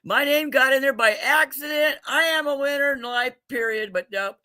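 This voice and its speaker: A man's voice: very high voice, moderate pace, bright, forceful tone. A man hosting a casual livestream giveaway, joking loosely, laughing often and calling out to viewers by name. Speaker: livestream host running a giveaway.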